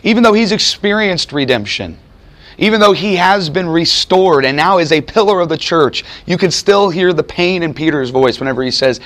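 A man's voice: a little high, lively intonation, moderate pace, a bit bright. Conversational man preaching a sermon. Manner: conversational, emphatic, voices quoted figures. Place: chapel or lecture room with audience.

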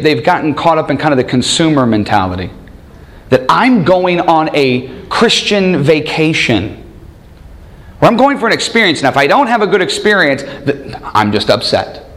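A man preaching a sermon, animated, acting out quoted voices and asking rhetorical questions. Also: medium pitch.

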